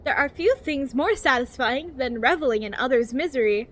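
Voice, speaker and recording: Woman, streamer, high voice, very animated, giggly, cheery infomercial-style reading. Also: normal speed. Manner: giggly, laughs often. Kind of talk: livestream reading a game's text aloud.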